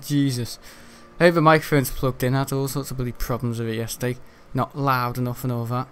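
A man's voice: mid-range voice, steady tone, quick pace, clean tone. A young man, rambling in casual commentary over a video game, swearing mildly now and then. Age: young adult. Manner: chatty and rambling, frequent mild swearing. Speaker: gaming YouTuber.

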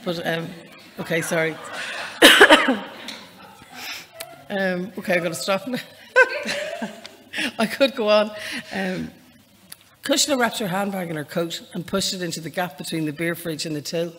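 An Irish woman with a faint northern lilt, speaking as an author at a live library event. She chats in a self-deprecating way, then reads aloud from her novel at an even, measured pace. Her voice trails off into a long hall reverb. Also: lowish voice, a little hiss or hum. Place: public library event space, indoors.

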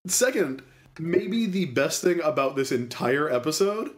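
A man with a slightly raised voice co-hosts a relaxed podcast. He rambles and jokes as he goes through an episode, slipping into playful readings of the characters' lines. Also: on the high side. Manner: joking, rambling, quick to act out lines. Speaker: podcast co-host. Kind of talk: casual chat recapping a cartoon episode.

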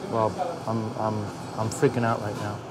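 A man's voice: fairly low pitch, monotone, moderate pace, background noise. A man working as a head chef, talking intensely and swearing as he barks orders. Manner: intense, profane, barking orders. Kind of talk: documentary interview and kitchen shouting. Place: restaurant kitchen.

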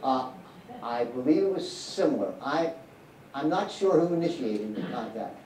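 A man's voice: medium pitch, animated, moderate pace, darkish tone, distant mic, a little hiss or hum. A man directing a live Q&A, answering audience questions with rambling, candid anecdotes and frequent restarts in a cinema hall.

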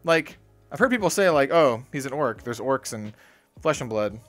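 A young man hosting a card-opening video in a small hot room, rambling and excitable, talking about being sweaty and needing to calm down. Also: mid-range voice, normal speed, soft background music. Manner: excitable, rambling, lots of "dude" and "like". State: sweaty and worked up. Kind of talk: casual case-opening commentary.

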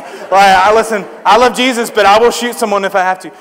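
A man's voice: sits high, fast, fairly bright tone. A young man preaching a youth sermon, telling stories in a joking, self-deprecating, conversational way. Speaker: traveling preacher. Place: church service with audience. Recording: long hall reverb.

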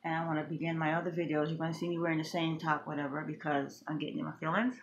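Impassioned grieving woman vlogger, gravelly. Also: low voice, little pitch movement, rapid-fire, lo-fi sound, slight background noise. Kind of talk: emotional personal vlog.

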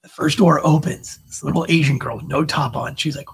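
Man, gravelly husky voice, a bit high, animated storyteller, casual podcast chat. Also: brisk. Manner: animated, acts out quotes with big jumps in pitch. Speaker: podcast co-host, army veteran.

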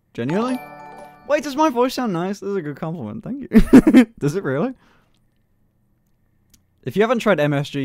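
A man's voice: on the high side, darkish tone, no echo. A young man streaming live in casual chat, swearing freely, laughing often and testing out voices. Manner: swears freely, laughs a lot, playful voice experiments.

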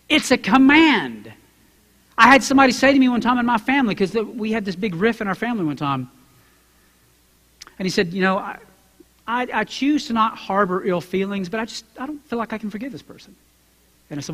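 Bright-voiced preacher in a reverberant hall. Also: male voice, high voice, animated, a little fast. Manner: acts out Bible characters in quoted voices, rising to loud emphatic preaching. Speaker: pastor. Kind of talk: sermon. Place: church sanctuary.

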